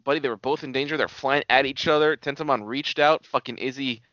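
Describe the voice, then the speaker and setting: A young man co-hosting a casual podcast, calmly explaining the plot to listeners and calling his friend buddy. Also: medium pitch, quick pace, no echo. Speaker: podcast co-host. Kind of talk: casual chat recapping a cartoon. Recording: dull, slightly lo-fi dry sound.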